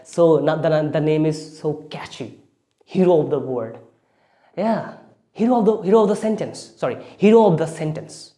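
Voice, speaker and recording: A man's voice: high voice, darkish tone. A man giving a spoken English lesson, often restarting phrases and leaning hard on key words. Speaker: English speaking teacher.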